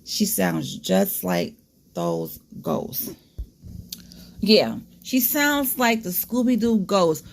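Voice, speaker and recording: Gravelly-voiced woman vlogger, blunt commentary. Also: mid-range voice, big pitch swings, drawn-out words. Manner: candid, disgusted asides, talks straight to viewers. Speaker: commentary channel host. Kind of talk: casual commentary vlog.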